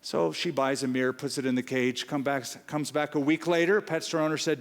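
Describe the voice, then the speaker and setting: Man, pastor, sermon, storytelling, acts out characters, mid pitch, long hall reverb. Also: steady tone, a little fast, hardly any pauses. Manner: storytelling, voices the characters in a joke.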